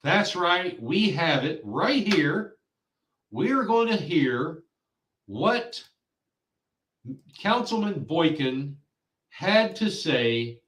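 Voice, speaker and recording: A man's voice: a little high, big pitch swings, drawn-out words, long pauses, fairly bright tone, recorded from a distance. Heated ranting man, echoey room. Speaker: podcast host. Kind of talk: angry political commentary.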